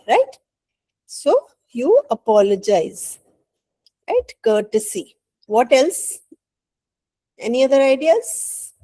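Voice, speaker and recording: A woman teacher with an Indian English accent leads an online English class at an unhurried pace. Her voice sits a little high but sounds mellow. She is patient and coaxing, and she keeps checking in with her students. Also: very animated, low-quality recording.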